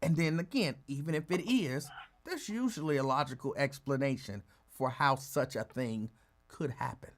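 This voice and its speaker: A man hosting a casual podcast, talking in a laid-back conversational way and answering a listener's comment. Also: moderate pace. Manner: laid-back, conversational, lively pitch, playful voices for a dog. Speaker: podcast host.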